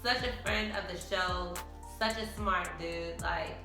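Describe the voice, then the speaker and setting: A woman's voice: fairly low pitch, fairly even intonation, a little slow, echoey room, over music. A woman hosting a casual panel talk show, upbeat, chatty and opinionated. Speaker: podcast host.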